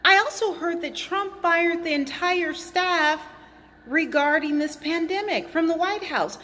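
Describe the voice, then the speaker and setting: A woman's voice: extremely high pitch, unhurried, sharp tone, big-room sound, slight background noise. A woman vlogging from a hot garage, rambling and indignant as she repeats her points while chewing gum. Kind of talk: casual opinion vlog.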